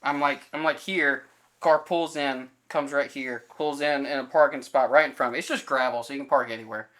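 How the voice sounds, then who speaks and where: A man's voice: medium pitch, steady tone, a little fast, fairly bright tone. A man co-hosting a podcast in casual chat, telling a story and acting out the quoted lines of everyone in it, with loose fillers and self-corrections. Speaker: podcast co-host.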